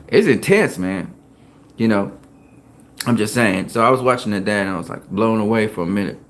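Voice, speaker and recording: A man hosting a boxing talk show, telling gym stories in a casual, profane, animated way and laughing often. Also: fairly low pitch, moderate pace. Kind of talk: casual chat.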